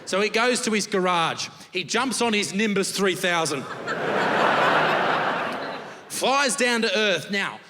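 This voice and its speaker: A man's voice: high-pitched, lively intonation, slow, pauses often, heavy background noise. A young Australian man doing crude, brash stand-up comedy with a lot of swearing. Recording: live hall with long reverb.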